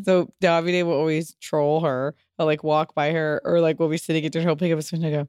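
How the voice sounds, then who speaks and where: A young woman co-hosting a casual podcast chat, who tells stories with lively acted-out voices. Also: low voice, fast talker, hardly any pauses, no echo, clean studio sound. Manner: animated storyteller, acts out voices loudly. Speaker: podcast co-host.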